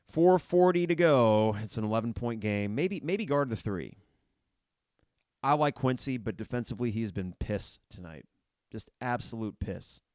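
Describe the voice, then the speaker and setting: A man's voice: fairly low pitch, no echo, studio quality. A man hosting a sports podcast, reacting live to a basketball game with blunt, frustrated commentary and casual swearing. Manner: blunt and frustrated, shouts at players.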